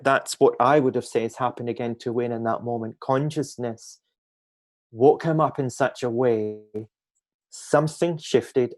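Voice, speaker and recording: A man shares reflective spiritual thoughts on a video call, at a middle pitch. His delivery is gentle and musing. He often draws out key phrases slowly for emphasis. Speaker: guest speaker on a group call.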